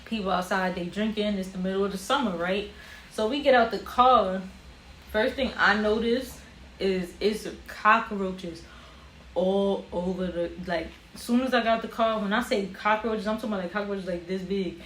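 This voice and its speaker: A woman's voice: mid-range voice, normal speed. Young woman telling a story, echoey room. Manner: animated storyteller with casual slang, acting out others' voices. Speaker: vlogger. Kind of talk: storytime vlog. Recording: roomy echo with faint ambient noise.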